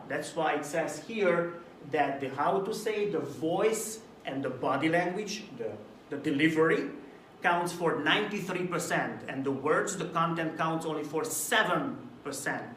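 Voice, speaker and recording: A man from Hungary giving a recorded video talk to camera about presentation delivery, lively and at times acting out a dull, mumbled way of speaking as a contrast. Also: on the high side, roomy sound, recorded from a distance, a little hiss or hum. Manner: animated, demonstrates flat and mumbled delivery as examples. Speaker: presentation coach.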